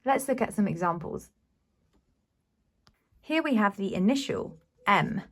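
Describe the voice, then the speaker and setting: A woman teaches a beginners' language lesson in an unhurried, measured way. She explains patiently and sounds out each syllable with care, at a middle pitch for a woman. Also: animated. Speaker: Mandarin teacher. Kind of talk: slow, clear language lesson.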